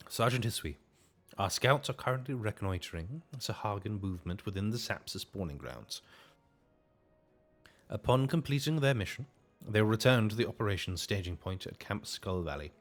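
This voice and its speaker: A man voicing a stern woman admiral in a British accent, speaking in a formal, measured way. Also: fairly low pitch, lively intonation, faint music behind, voice pushed up. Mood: commanding.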